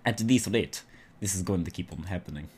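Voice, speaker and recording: A man's voice: low-pitched, fairly quick, darkish tone, husky. A man reading a visual novel aloud with friends, narrating the scenes in a playful, laughing way.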